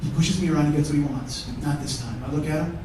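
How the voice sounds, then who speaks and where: Speaking fast in a slightly high voice, a male stand-up tells a profane, chatty story in his one-man show and ribs the live theatre audience. The recording comes from a far-off mic, echoing around the room, with a noisy background.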